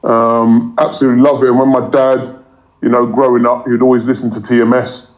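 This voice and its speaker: A man talks in a casual interview, his voice level and steady with little rise or fall. He rambles, stumbling over repeated words and fillers. The recording sounds dull and lo-fi. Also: mid-range voice, brisk. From England. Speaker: cricket commentator guest.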